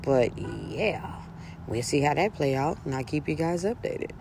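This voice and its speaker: A woman's voice: low-pitched, expressive, a little slow, gravelly, noisy background. A woman vlogger ranting bluntly and profanely outdoors in a breeze, hammering her points with repetition. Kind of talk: casual ranting monologue.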